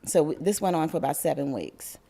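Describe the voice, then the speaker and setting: An older woman from New York tells a personal story to an audience in an animated way, often breaking into laughter. Her voice sits slightly on the low side. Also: a little fast, creaky.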